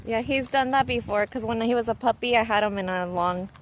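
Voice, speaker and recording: A woman's voice: a little high, steady tone, fairly quick, background noise. Dog owner woman answering briefly. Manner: short agreeing replies. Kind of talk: casual chat. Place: outdoors in a rural yard.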